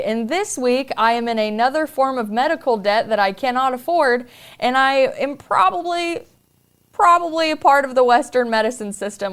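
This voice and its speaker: A woman's voice: a little high, fairly bright tone, smooth. A woman podcast host telling a personal story in an earnest, confiding way.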